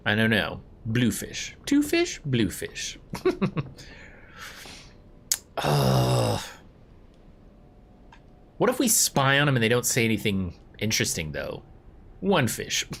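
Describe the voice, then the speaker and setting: Chatty male streamer with a lively voice. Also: mid-range voice. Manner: chatty, rambling, giggly asides to chat. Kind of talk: casual live gameplay commentary.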